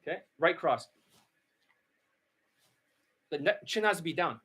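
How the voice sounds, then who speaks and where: A man's voice: on the high side, expressive, unhurried, a bit bright, breathy edge, no room sound. Profane guy coaching on dating, rants hard, voice jumps up and down a lot. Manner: blunt, profane, mocking. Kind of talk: ranting coaching talk.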